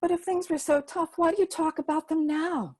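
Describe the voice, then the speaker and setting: A woman's voice: extremely high pitch, fairly even intonation, fairly quick, darkish tone, voice pushed up, rough recording. A woman storyteller voicing an eager, curious young girl who asks pleading questions.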